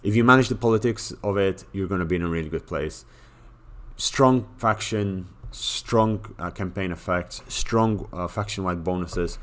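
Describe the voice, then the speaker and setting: A man's voice: sits low, moderate pace. A man talking casually through a game tier list, blunt and joking, with many fillers and restarts. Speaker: gaming commentator.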